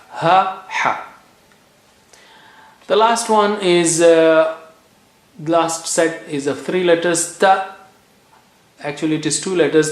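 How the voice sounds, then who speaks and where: Man drilling Arabic letter sounds. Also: fairly high pitch. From India. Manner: repeats sounds slowly for drilling, says "okay" often. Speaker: Quran recitation teacher. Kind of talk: tajweed pronunciation lesson. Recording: echoey room.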